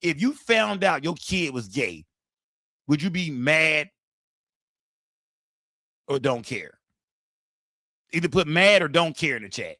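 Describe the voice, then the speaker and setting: Brief: male stream host, AAVE, rowdy and profane, bright forceful tone, dry close mic. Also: medium pitch, dry recording. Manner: loud, rowdy, addresses chat directly. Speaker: livestream host. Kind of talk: profane live-stream commentary.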